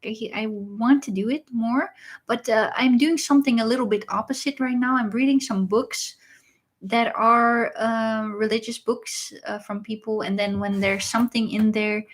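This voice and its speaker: Chatty woman, higher voice. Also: steady tone. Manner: chatty and unhurried, often pausing with uh and um. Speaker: livestream host reading viewer messages. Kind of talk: casual livestream chat.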